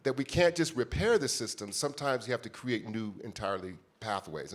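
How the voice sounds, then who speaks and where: In a lowish voice, a U.S. man in his fifties sits on a conference panel and tells a heartfelt personal story straight to the audience.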